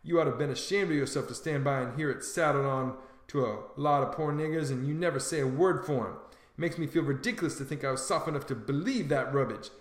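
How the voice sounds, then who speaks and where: A man voicing a sharp-tongued, scornful male swindler who calls himself a duke, in a storybook reading. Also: medium pitch, roomy sound, lightly acted. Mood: furious. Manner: scornful, brisk, sarcastic.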